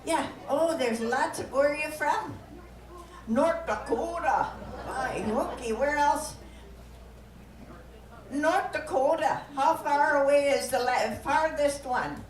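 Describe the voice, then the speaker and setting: A woman's voice: sits high, slow, a little hiss or hum. A woman with a Minnesotan accent doing live stage comedy, teasing the audience with a folksy laugh and bursts of song. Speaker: comic performer. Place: live show venue. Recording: echoey room from far off, live music.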